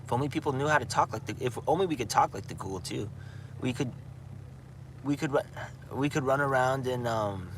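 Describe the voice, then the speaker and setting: A man's voice: medium pitch, moderate pace, pauses often, fairly bright tone, slight background noise. Rambling, chatty man outdoors. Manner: chatty, says "dude" a lot, rambling. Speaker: gaming livestreamer. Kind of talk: casual livestream chat.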